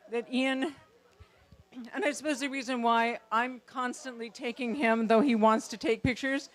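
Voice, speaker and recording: The groom's mother giving a chatty, warm-hearted wedding toast outdoors, laughing between her thoughts. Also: a little high. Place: outdoor backyard.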